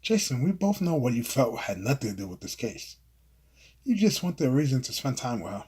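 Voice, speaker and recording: A man reading the lines of an irritated, skeptical male detective partner in his own husky voice, sounding exasperated. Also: mid-range voice, very animated, a little fast, darkish tone. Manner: exasperated, grumbling.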